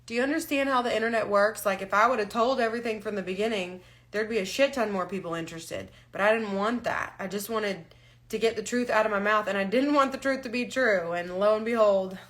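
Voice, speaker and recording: A woman's voice: mid-range voice, a little fast, fairly bright tone. A woman talking candidly on a live stream, frank and emotional, holding back tears. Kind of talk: casual live-stream talk. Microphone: phone or webcam on a live stream.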